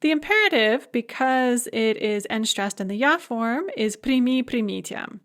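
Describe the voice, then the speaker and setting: A woman's voice: a little high, animated, unhurried. A woman giving a recorded language lecture, going through verb forms one by one in a methodical way. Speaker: language teacher.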